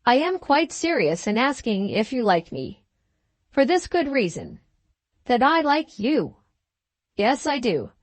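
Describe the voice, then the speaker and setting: A woman reading the part of a blunt, plain-spoken gentleman farmer in an audiobook, with an earnest, emphatic manner. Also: fairly high pitch, sing-song, a little slow, long pauses, no echo, pitched above the performer's own voice.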